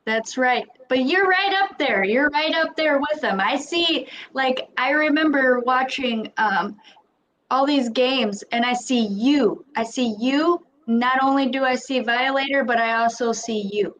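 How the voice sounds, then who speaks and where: A woman's voice: high voice, measured pace, slight background noise, low-quality recording. A woman co-hosting a casual interview, speaking hesitantly with lots of fillers. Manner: hesitant, filler-heavy, warm praise. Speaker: co-host.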